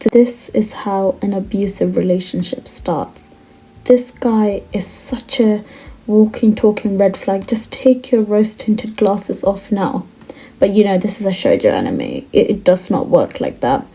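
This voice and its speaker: A woman casually recapping a manga in an animated, exasperated rant, filling her talk with "like". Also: medium pitch, unhurried. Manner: animated and exasperated, heavy use of "like". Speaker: anime commentator.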